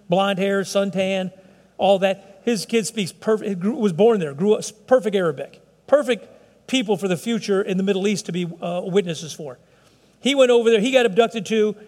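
A man's voice: high-pitched, a little mellow, big-room sound. A man preaching a sermon, talking with the congregation and asking them questions. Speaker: pastor. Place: church, broadcast service.

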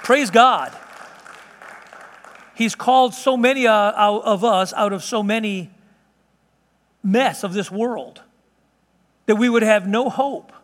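A middle-aged man preaches from the pulpit of a church sanctuary, his voice pitched high for a man. He talks loosely, stumbling and restarting as he goes, and the long reverb of the hall trails after each phrase. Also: measured pace, long pauses, a faint crowd. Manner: conversational preaching with frequent restarts. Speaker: pastor. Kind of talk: sermon.

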